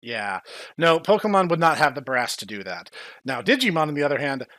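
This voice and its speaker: Animated joking male podcast host. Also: fairly high pitch, fairly quick, no room sound. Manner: animated, joking, acts out scenes. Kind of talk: casual podcast chat.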